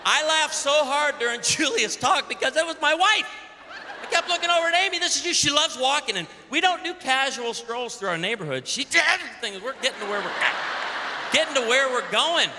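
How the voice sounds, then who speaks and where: A man's voice: very high-pitched, lively intonation, a little fast, sharp tone, a faint crowd, a little hiss or hum. A man in his forties from Illinois, a pastor giving a humorous sermon at a conference, joking in a punchy way and calling out to the audience. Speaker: pastor speaking at a women's conference. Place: large convention hall. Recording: echoey convention hall with faint ambience.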